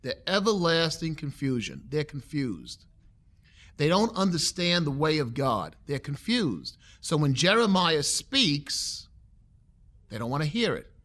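A man preaching an expository sermon in a somewhat higher-pitched voice. He reads scripture with building force, then drops low and quiet to explain each line. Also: sing-song, slow pace. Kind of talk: sermon, expository Bible teaching.

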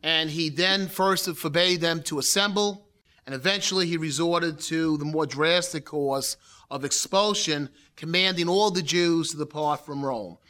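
A man's voice: a little high, unhurried, sharp tone. A man teaching a lecture on Bible history, explaining in a conversational way, repeating points and reading scripture aloud.

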